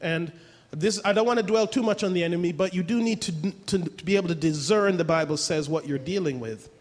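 A man's voice: high voice, brisk. A man preaching a sermon, emphatic, asking rhetorical questions and repeating his points. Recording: long hall reverb.

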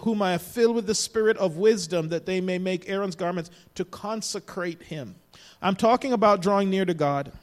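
Male pastor, high-pitched, preaching with rising emphasis in a church with long reverb. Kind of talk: sermon. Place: church sanctuary.

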